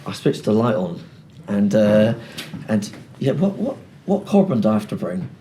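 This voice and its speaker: A male rabbi who leads a seminar, talks in a lively, joking way and brings the audience in. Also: on the low side, moderate pace, a little hiss or hum. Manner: animated, joking, talking to the audience. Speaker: rabbi leading a parenting seminar. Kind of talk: lively seminar talk with role-play. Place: lecture hall.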